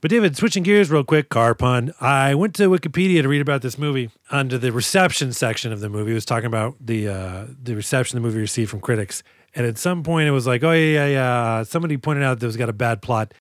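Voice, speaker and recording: A man co-hosting a podcast, recapping a movie in casual chat, animated and profane as he acts out scenes. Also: mid-range voice, fast talker, no echo, clean studio sound. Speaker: podcast co-host.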